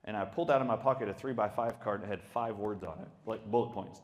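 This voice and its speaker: A middle-aged man tells his own stories as a doctor giving a talk. He speaks with emphatic, animated energy and often laughs along the way. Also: on the low side, fairly quick, hardly any pauses. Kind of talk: storytelling talk.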